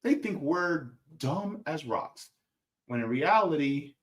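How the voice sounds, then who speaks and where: A man hosting a political livestream, talking casually and reading out chat comments, animated and sarcastic, jumping from loud outbursts to low mutters. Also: slow. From United States.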